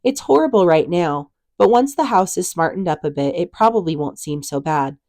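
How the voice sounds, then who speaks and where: A woman voicing a bossy twelve-year-old girl who acts as if she is in charge, speaking loudly and higher than her own voice. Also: animated, normal speed, no echo, studio quality. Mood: reasoning.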